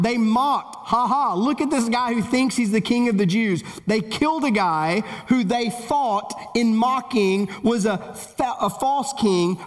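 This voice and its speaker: A man preaching a sermon in a high, carrying voice, rising urgently and then dropping low and solemn. His words ring out with long reverb, as if in a large sanctuary. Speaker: pastor.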